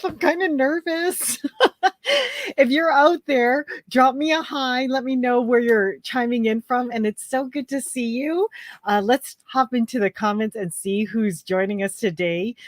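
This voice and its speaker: A woman's voice: a little high, no room sound, studio quality. A woman hosting a casual livestream, chatty and greeting viewers by name, her throat a little phlegmy. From Canada. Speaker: livestream host. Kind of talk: casual live chat.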